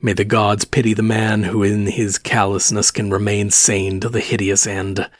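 A man's voice: lowish voice, little pitch movement, moderate pace, no echo, clean studio sound, close to an everyday voice. A man voicing a frenzied young ship's officer gone mad, pleading with urgency. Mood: urgent pleading.

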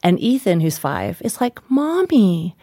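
A middle-aged woman, a guest author, telling stories casually in an interview, animated and laughing, acting out quoted voices. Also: medium pitch, moderate pace, dry recording, clean studio sound.

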